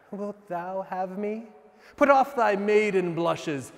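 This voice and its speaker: An actor playing a young king wooing a princess in a Shakespearean monologue, declaiming with wide swings between soft and emphatic lines. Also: fairly high pitch. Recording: long reverb, a bit distant from the mic.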